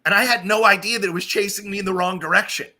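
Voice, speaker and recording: A man hosts a casual live-stream chat. His voice is very bright and a little high. He tells stories in an animated way and puts on voices for the people he quotes. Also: quick pace. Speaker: streamer host.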